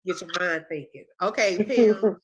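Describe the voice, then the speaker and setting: On a casual video call, a woman with a medium-pitched voice and measured pace hosts a chat as a former teacher. She praises a former student with real emotion, often saying "when I tell you".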